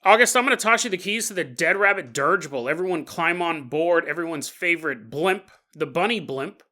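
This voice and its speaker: Jokey podcast host, man, high and bright, laughs a lot while telling stories. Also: expressive, fairly quick. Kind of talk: comedic storytelling.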